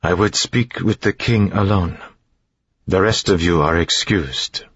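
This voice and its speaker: A man voicing a calm, firm woman scholar of about fifty who speaks in a businesslike way with a light accent. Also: deep voice, unhurried, husky, no echo, muffled recording, pitched above the performer's own voice, heavily acted.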